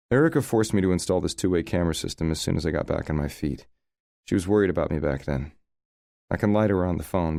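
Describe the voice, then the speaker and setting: A man's voice: very deep voice, creaky, mellow, no echo. A man narrating a first-person romance audiobook in a wry, conversational way, recorded close to the mic.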